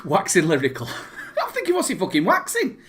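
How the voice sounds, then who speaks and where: A man with a Northern English accent co-hosting a casual live chat show, telling stories in a rambling, halting way. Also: high-pitched, huge pitch swings, fairly bright tone. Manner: rambling, halting, with many restarts and fillers. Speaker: podcast co-host.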